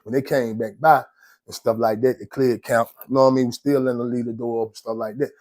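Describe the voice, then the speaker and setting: A man hosting and telling a story in a slangy, animated way. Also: mid-range voice, fast talker. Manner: animated, slangy, laughs often. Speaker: host storyteller. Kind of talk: casual storytelling.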